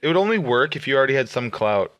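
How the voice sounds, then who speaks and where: A man's voice: mid-range voice, very animated, quick pace, a bit bright, no echo, muffled recording. A young man from co-hosting a podcast, rambling through crude casual banter with lots of swearing and laughter. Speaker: podcast co-host.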